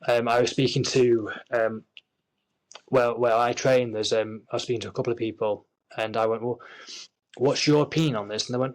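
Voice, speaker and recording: A man's voice: medium pitch, fairly even intonation, normal speed, poor audio. A young man from Yorkshire with a Yorkshire accent, a guest actor in a casual interview, talking at length with many restarts and fillers. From Yorkshire, England. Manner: rambling, frequent restarts and fillers.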